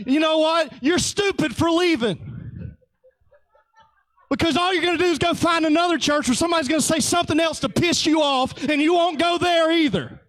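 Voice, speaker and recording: A man's voice: very high voice, moderate pace, dry recording. A man preaching in a casual, joking way, with frequent exclamations and laughs.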